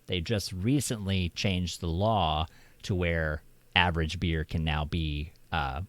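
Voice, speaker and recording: A man's voice: low voice, fairly even intonation, slow, dry recording. A man from Oklahoma hosting a stream, chatting casually with many fillers and laughs. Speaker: streamer host. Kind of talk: casual chat.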